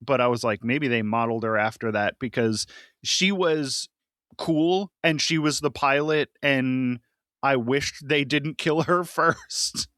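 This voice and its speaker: A man's voice: medium pitch, unhurried, fairly bright tone, dry recording, studio quality. A man co-hosting a casual podcast, giving blunt opinions with a wry chuckle. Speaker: podcast co-host. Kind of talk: casual chat.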